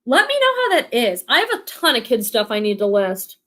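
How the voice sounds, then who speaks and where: A woman's voice: fairly high pitch, wildly swooping pitch, fairly quick, a bit bright. A woman from the Boston area with a slight Boston accent, hosting a casual livestream and chatting upbeat with viewers. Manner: chatty, upbeat, reads viewer comments aloud. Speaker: livestream host. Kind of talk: casual livestream chat reading comments.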